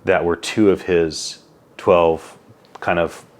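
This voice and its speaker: A man in his forties with a notably low voice speaks as an interview guest. He tells stories animatedly, acting out quoted lines and dropping casual tags as he goes. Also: slow. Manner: animated storyteller, acts out quotes, many "like" and "right?" tags. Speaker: interview guest, company CEO.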